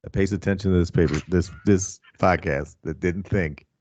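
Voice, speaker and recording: A man's voice: deep voice, steady tone, normal speed, darkish tone, dull audio, slight background noise. A man co-hosting a wrestling podcast, talking in a profane, rambling, sarcastic way. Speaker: podcast co-host. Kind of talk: casual wrestling podcast chat.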